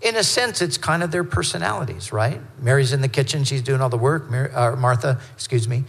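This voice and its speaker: A man preaching a sermon, teaching through scripture verse by verse in a conversational way, with quick asides and self-corrections. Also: mid-range voice, lively intonation, gravelly, long reverb tail. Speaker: pastor.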